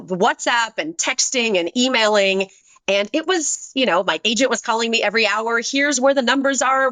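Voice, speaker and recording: A woman's voice: fairly bright tone, no room sound. Earnest woman telling a personal story. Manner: earnest, shifts pitch to voice quoted people. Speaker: guest, business leader and author. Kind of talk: personal storytelling in a podcast interview.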